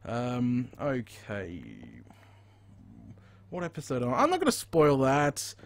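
A man with an Australian accent giving live, chatty commentary as he plays a video game and thinks out loud. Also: medium pitch, wildly swooping pitch, moderate pace. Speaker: gaming streamer.

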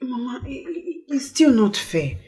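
A woman's voice: a little high, very animated, unhurried, mellow, soft background music. A young Nigerian woman playing a woman torn over betraying her best friend, speaking hesitantly. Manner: hesitant, conflicted. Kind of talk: Nollywood film acting.

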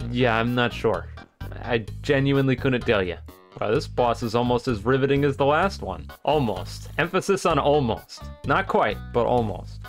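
A man's voice: mid-range voice, a bit bright. A man giving dry, mocking commentary while playing a video game, muttering asides to himself. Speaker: gaming YouTuber. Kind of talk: sarcastic gameplay commentary.

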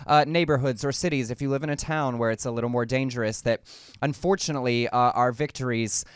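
Clear-voiced man giving earnest commentary. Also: mid-range voice, steady tone, no room sound. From American South. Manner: earnest, measured, fluent argument. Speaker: co-host. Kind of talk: casual news commentary.

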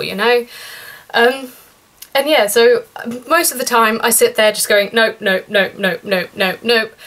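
A young woman tells a story to camera in a chatty vlog, turning indignant and exasperated as she retells it. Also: a bit bright. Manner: chatty and indignant, rising pitch when outraged. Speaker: vlogger.

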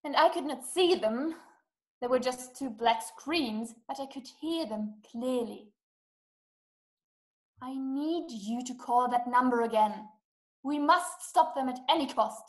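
Une femme qui joue une dame riche, affolée et autoritaire. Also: female voice, high-pitched, a little slow, rough recording. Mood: insistent. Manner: urgent, demanding, scolding. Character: frantic, imperious wealthy woman. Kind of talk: amateur video-call play.

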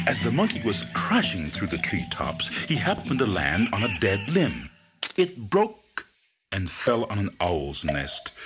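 A very deep male storyteller with a wildly expressive, sweeping delivery, dropping to near whispers and rising for drama. Music plays clearly behind him throughout. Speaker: narrator. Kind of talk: storybook narration.

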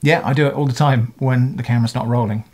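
A middle-aged man chats casually to his camera, answering viewers' comments. He talks in a thoughtful, meandering way, often backing up to fix what he just said. His voice sits at an ordinary middle pitch. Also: steady tone, fast, darkish tone. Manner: thoughtful, rambling, with frequent self-corrections. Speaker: video creator answering comments.

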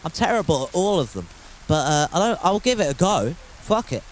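A man's voice: on the high side, very animated, fairly quick, slight background noise. A man chatting casually while streaming a game from home, reading chat aloud and swearing freely.

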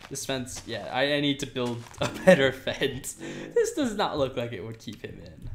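A man's voice: medium pitch, big pitch swings, normal speed, fairly bright tone, slight background noise. A man casually commenting while playing a building game, rambling, laughing often and talking to the animals on screen. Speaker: Minecraft let's player.

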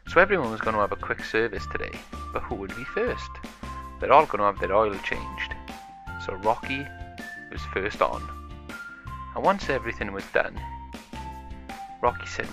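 A man's voice: fairly low pitch, lively intonation, normal speed, gravelly, pauses often, music in the background. A man improvising a toy play story, narrating it in a chatty, plain way.

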